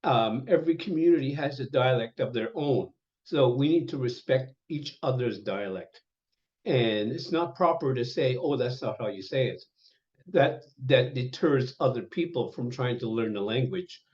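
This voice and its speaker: An older man teaching an online language lesson, speaking slowly and patiently and repeating each word several times over a video call. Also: mid-range voice, animated, a little mellow. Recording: dull lo-fi webinar audio.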